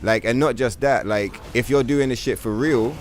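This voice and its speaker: A man's voice: mid-range voice, moderate pace, a little hiss or hum. Foul-mouthed male streamer, rambling. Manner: profane, rambling rant, heavy on "bro" and "like". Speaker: streamer playing a video game. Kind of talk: casual livestream commentary.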